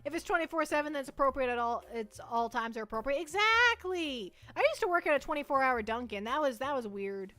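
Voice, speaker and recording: A woman's voice: sits high, big pitch swings, fast talker, few pauses, pushed and bright, no echo, faint music behind. A young woman chatting casually on a livestream, rambling playfully and restarting her sentences.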